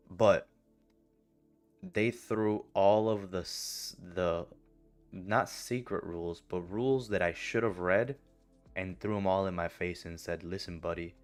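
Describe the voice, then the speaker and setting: A young man trading streamer telling casual stories in a blunt, profane way. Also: low-pitched. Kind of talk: casual vlog monologue.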